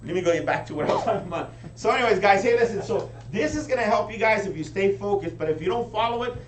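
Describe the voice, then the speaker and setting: A man giving a high-energy motivational training talk to a live audience, often checking in with them. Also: fast. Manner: energetic, keeps asking the crowd "right?". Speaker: business team leader training recruits. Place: meeting room with an audience. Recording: echoey room, distant mic, faint hum.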